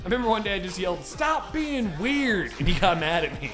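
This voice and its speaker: Male podcast co-host, high voice, casual and profane, music bed behind. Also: animated, rapid-fire. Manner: laughs often, swears freely, acts out quotes. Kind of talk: casual chat. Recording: background music playing.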